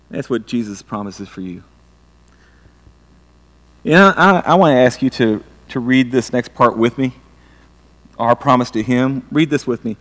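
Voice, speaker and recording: A man's voice: medium pitch, a little slow, long pauses, a bit bright. A middle-aged man preaching a sermon earnestly, often restarting and stumbling over his words. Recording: long reverb of a large hall.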